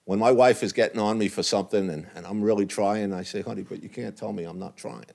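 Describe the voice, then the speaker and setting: An older man talks to a men's group, candid and blunt, never softening his plain words. His voice sits a little low, and he sounds earnest about what he says. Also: quick pace, vocal fry. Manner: blunt and earnest, plain language with mild cursing. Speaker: recovery group speaker.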